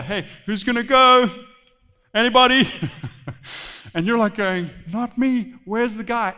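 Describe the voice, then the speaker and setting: A bright, high-pitched male pastor preaching in a church, his voice ringing with a long hall reverb. He tells the story in an animated, storytelling way with playful asides to the congregation. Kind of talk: sermon.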